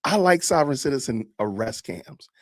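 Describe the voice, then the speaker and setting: A man in his fifties hosting a podcast, joking in a casual, animated way and talking to his live chat as he comments on videos. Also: mid-range voice, normal speed, no room sound, clean studio sound. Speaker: podcast host.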